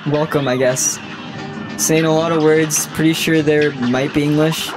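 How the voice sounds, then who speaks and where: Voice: medium pitch, fairly even intonation, measured pace. A young adult game streamer giving casual live commentary, laughing often and swearing freely in a teasing way. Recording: game music behind the voice.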